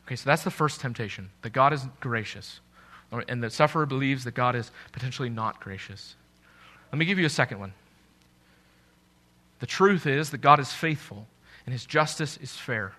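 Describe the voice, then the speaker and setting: A man's voice: lively intonation, moderate pace, sharp tone. A man preaching a sermon as pastor, earnest, often restarting phrases and rising in force when he acts out what doubters say. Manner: earnest, repeats words when restarting, rises in pitch and force when quoting doubters.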